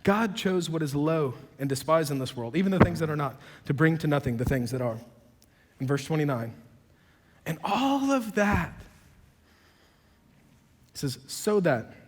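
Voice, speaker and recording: A man preaching a sermon, telling dialogue in conversational voices and building to loud, emphatic peaks. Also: on the high side. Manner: quotes dialogue in conversational voices, self-described sarcastic. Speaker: pastor. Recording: long hall reverb.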